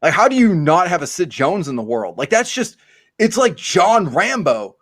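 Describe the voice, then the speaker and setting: Podcast host, male, young adult; crude ranting storyteller with a slightly high voice, close and dry. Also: big pitch swings, moderate pace, fairly bright tone, no room sound. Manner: profane, ranting, stammering restarts.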